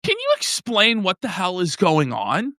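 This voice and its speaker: A young man co-hosting a crude comedy stream, mocking and loud, slipping into joke voices. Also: high voice, huge pitch swings, measured pace, no room sound, clean studio sound. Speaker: podcast co-host.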